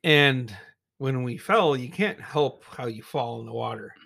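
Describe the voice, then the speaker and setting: A man's voice: medium pitch, expressive, measured pace, gravelly, sharp tone, no echo, clean studio sound. A man telling a childhood story in casual chat, swearing freely, laughing often and acting out his friends' voices. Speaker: podcast co-host.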